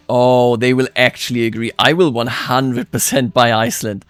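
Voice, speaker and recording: A man hosting a strategy game let's-play, chatting and musing aloud as he plays, his voice jumping up when excited. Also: smooth, no echo, faint music behind. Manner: chatty, musing aloud, quick jumps of pitch and loudness. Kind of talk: game commentary.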